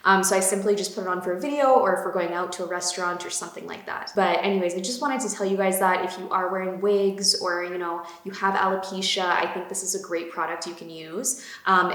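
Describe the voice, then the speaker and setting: Bubbly chatty woman, low voice. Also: steady tone, fast talker, few pauses, fairly bright tone. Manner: bubbly, gushing, many fillers. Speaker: beauty vlogger. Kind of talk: casual chatty product talk. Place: home room. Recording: echoey room.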